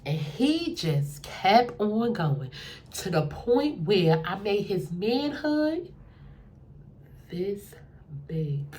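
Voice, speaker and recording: A young adult woman telling a dating story in a casual, animated way, acting out what people said in a lowered voice. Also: very slow, long pauses.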